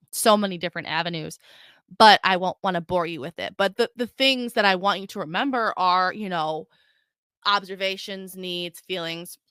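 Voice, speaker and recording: A young woman hosts a solo podcast in a loose, chatty way, often restarting her sentences and calling her listeners "guys." Her voice is smooth and clean, recorded close and dry with no room sound. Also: mid-range voice, a bit bright, dry recording. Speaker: podcast host. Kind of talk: casual solo podcast talk.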